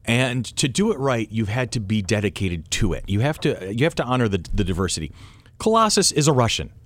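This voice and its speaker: A man co-hosting a casual group chat, animated, often circling back and restarting his thoughts mid-sentence. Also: on the low side, a little fast.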